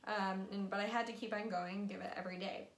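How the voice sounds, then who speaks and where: A woman's voice: mid-range voice, little pitch movement, quick pace. A young woman vlogging casually and frankly, with many fillers. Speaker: vlogger sharing her fertility treatment. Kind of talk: casual explainer vlog. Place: room at home. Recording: echoey room, faint music.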